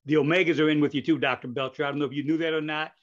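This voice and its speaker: A man's voice: on the high side, steady tone, rapid-fire. An older man hosting a podcast interview in casual chat, rambling with many fillers, restarts and asides. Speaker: podcast host. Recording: dull lo-fi audio.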